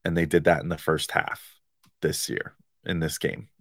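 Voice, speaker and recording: A man hosting a solo sports podcast in a loose, excited, slangy way, dropping fillers like "man" and "like". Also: a bass voice, normal speed, no echo, studio quality. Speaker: podcast host and site editor.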